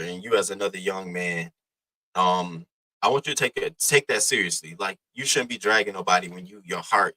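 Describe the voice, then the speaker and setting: Young male commentary streamer, bright, tense tone, profane casual patter. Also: low-pitched, poor audio. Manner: loose, profane, slangy, shouts out chatters.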